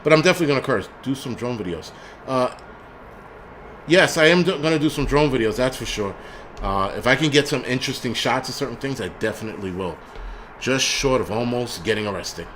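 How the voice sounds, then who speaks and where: A livestream host with a mid-range, expressive, slightly bright voice rants casually at a brisk pace. He swears a lot, restarts often and wanders into rambling asides. A little hiss or hum sits in the background.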